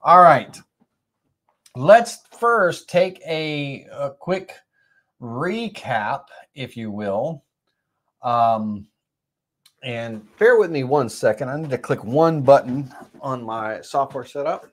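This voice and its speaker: A man's voice: mid-range voice, expressive, slow pace, fairly bright tone. A middle-aged man with a slight cold hosting a live woodworking tutorial stream, rambling with many fillers and self-corrections. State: has a cold, occasional coughs.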